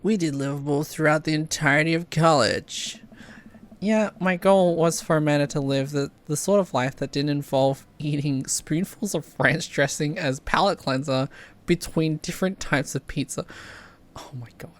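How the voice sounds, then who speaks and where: A woman's voice: low voice, moderate pace. A woman streamer reading dialogue aloud during a live game playthrough, laughing often.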